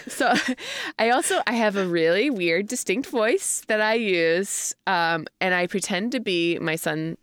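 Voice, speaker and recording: A woman's voice: medium pitch, lively intonation, measured pace, clean tone, dry recording, clean studio sound. A young woman co-hosting a casual parenting podcast, rambling and laughing often. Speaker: podcast co-host. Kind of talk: casual chat.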